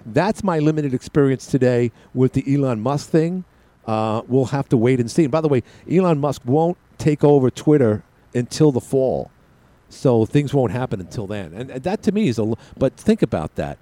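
A male talk radio host speaks into his studio headset mic, his voice warm and mellow at a middling pitch. He rambles through a solo monologue, restarting sentences and drifting into asides. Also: lively intonation, moderate pace, dry recording.

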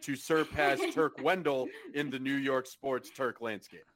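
A man's voice: medium pitch, steady tone, measured pace, a bit bright. A man co-hosting a casual podcast, sardonic and mock-miserable, swearing often. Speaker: podcast co-host.

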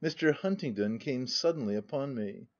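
A man narrating a classic novel as a volunteer audiobook reader, in an even, measured reading, on a dull lo-fi recording. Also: medium pitch.

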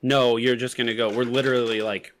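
A man takes part as a player in a tabletop game, his voice at an ordinary middle pitch. He talks in a questioning way, checking details one after another before he acts. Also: level tone, fairly quick, a bit bright, slight background noise. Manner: inquisitive, asks many questions.

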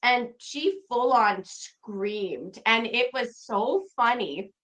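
A woman with a fairly high voice, talking as a guest on a casual podcast. She tells her stories in a lively, animated way and laughs easily between them. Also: slow pace. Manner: animated storyteller, laughs often. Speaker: podcast guest, home renovation creator.

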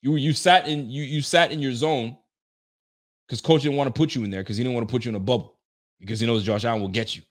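Brief: male sports fan host, mid-pitch, animated reaction rants, quick laughs. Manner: excitable, ranting, laughs often. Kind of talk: casual reaction commentary.

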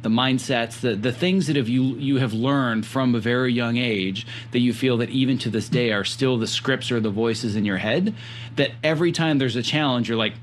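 A man's voice: mid-range voice, normal speed, slight background noise. A man hosting a podcast, asking reflective questions in a thoughtful way. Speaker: podcast host.

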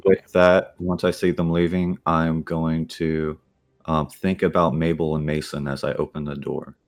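A man taking part as a player in a tabletop game, steady and plain as he describes his actions. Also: a bass voice, measured pace. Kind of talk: tabletop role-play.

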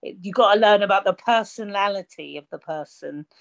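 Mother in a family chat, mid-pitch voice, calm and explanatory. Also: a little fast, gravelly. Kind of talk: casual chat.

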